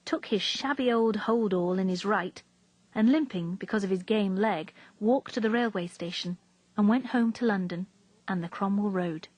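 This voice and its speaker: A woman reading a story aloud in a steady, even narrating voice. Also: mid-range voice, normal speed, dry recording, poor audio. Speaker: reader.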